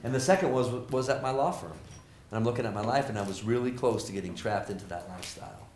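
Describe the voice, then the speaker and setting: A middle-aged man lectures students with energy and humor, slipping into other people's voices as he tells stories. His pitch sits in a middle range. He is recorded in a roomy hall with a faint hiss behind him. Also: fast. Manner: animated, joking, acts out quoted people.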